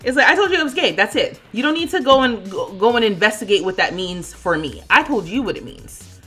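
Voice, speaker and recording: A woman in her thirties chatting casually on a livestream while she plays, laughing often and thinking out loud. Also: mid-range voice, expressive, fairly quick, breathy edge, faint music behind. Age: 30s. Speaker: streamer.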